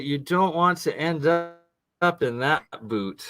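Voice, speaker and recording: Canadian male co-host, fairly high-pitched, relaxed and teasing. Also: takes it slowly, soft background music. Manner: easygoing, teasing banter. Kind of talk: casual chat.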